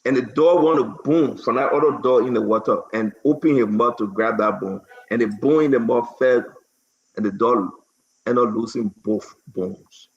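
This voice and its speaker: A man's voice: medium pitch, normal speed, roomy sound, dull audio. A man hosting a heated political talk stream, emphatic, often repeating words as he starts. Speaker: talk show host.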